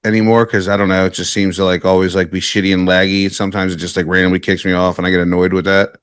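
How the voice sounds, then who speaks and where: A man's voice: deep voice, flat delivery, fast, clean tone, no room sound, clean studio sound. A man hosting a podcast in casual chat, rambling and laid-back, full of filler words. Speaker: podcast host.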